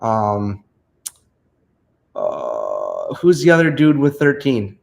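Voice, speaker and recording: A man's voice: on the low side, huge pitch swings, extremely slow, gravelly, darkish tone, rough recording. A man hosting a casual chat, telling a rambling fishing story and often stopping to search for names. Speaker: host.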